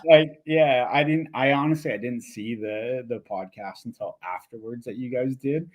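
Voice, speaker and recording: A man who rides and coaches mountain biking, chatting casually as a podcast guest, excited and full of slang. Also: medium pitch, normal speed. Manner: excited, laid-back, lots of slang. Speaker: guest, mountain bike rider and clinic coach.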